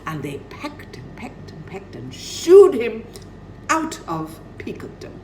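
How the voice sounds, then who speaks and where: A woman's voice: fairly high pitch, wildly swooping pitch, takes it slowly, mellow, a little hiss or hum, low-quality recording. A woman telling a children's story dramatically, dropping to near-whispers for effect.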